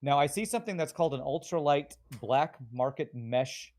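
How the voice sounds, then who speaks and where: A man's voice: fairly high pitch, expressive, moderate pace, darkish tone. A man playing a tabletop game, talking casually and often trailing off mid-sentence. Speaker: player.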